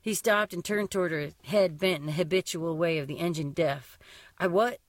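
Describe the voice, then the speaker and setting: A woman who fishes commercially, chatting casually and reading her own story aloud, with lively jumps in pitch when she quotes people. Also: fairly quick, dry recording. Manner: lively, mimics other people's voices with sharp pitch jumps. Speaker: commercial fisher and zine publisher.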